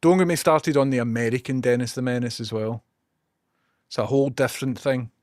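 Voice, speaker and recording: A man's voice: mid-range voice, fairly quick, a little mellow, a little hiss or hum. A Scottish man chatting casually on a live stream, swearing and ranting while he multitasks. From Scotland.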